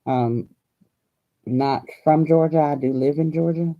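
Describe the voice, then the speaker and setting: A woman's voice: deep voice, fairly even intonation, measured pace, lo-fi sound. An older woman from Hawaii hosting a crafting vlog, chatting in a folksy, chatty way and laughing often. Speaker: crafting channel host.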